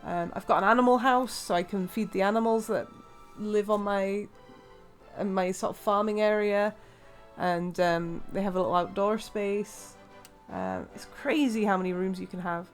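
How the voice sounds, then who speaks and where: An English woman chatting through a gameplay session in a relaxed, rambling way. She talks with plenty of fillers and asides. Faint game music sits under her voice. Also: mid-range voice, normal speed. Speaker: let's play host. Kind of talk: casual gameplay commentary.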